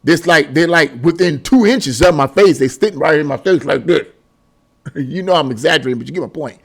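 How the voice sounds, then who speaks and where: A man vents to his viewers in a casual commentary monologue, exasperated and preachy, circling back to the same points. His voice swoops up and down with a lively, fairly high pitch, and he breaks into short laughs between remarks. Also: fairly quick, gravelly, slightly rough. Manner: laughs mid-sentence. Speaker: political commentary vlogger.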